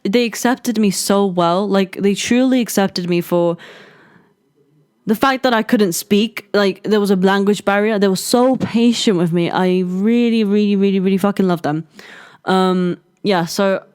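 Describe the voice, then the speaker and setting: Brief: young woman hosting a podcast, candid storyteller who swears freely and says "like" a lot, smooth clear voice. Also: mid-range voice, a little mellow. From London, England. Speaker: podcast host. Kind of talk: casual personal storytelling.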